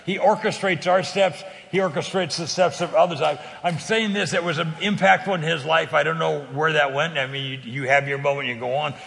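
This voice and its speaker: A man with a gravelly, bright and forceful voice, pitched a little high, tells a story as a guest on a talk show. He talks in a lively way, laughs often and acts out the people he quotes. His voice rings with a long reverb. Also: a little fast, few pauses. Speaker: guest telling a faith story.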